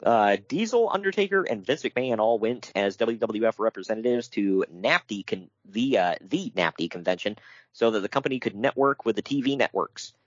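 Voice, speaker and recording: A low-voiced man co-hosting a podcast, reading from notes and breaking off into dry, joking asides. He laughs easily as he goes. The sound is close and dry, with a slightly dull, muffled top end. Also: lively intonation, normal speed, no room sound. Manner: wry, laughs often, reads notes then riffs. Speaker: podcast co-host. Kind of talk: casual podcast chat.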